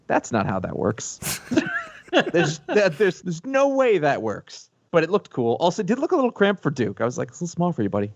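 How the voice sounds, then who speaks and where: Middle-aged male guest, animated, nostalgic fan, dry and slightly muffled audio. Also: fairly high pitch, moderate pace, gravelly, dry recording. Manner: enthusiastic, nostalgic. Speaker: returning podcast guest. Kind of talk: casual chat.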